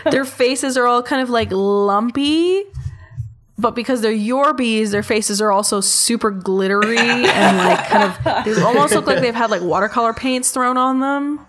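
A woman narrating a tabletop game as game master, unhurried and playful, often laughing between descriptions. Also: on the high side, background noise.

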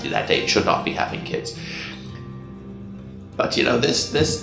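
A man's voice: on the low side, gravelly. A man voicing a wry in-world chronicler who rambles through asides, over faint music in a roomy space. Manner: digressive, full of fillers and asides.

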